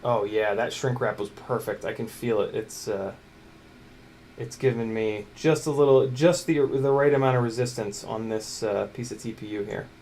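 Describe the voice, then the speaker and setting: A man's voice: fairly low pitch, normal speed, a little mellow, a little hiss or hum. A man streaming a drone build from a workbench, chatting casually and muttering to parts as he works. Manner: mutters and coaxes parts while working, loose and joking. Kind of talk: casual livestream chat while building.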